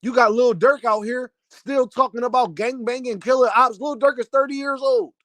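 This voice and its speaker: A young man on a heated rant, scolding the older generation in a preachy, lecturing way. His voice sits high for a man, and the recording is dry and close, with almost no room sound. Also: fairly even intonation, moderate pace, a bit bright, no room sound. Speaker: commentator. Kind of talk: opinion rant to camera.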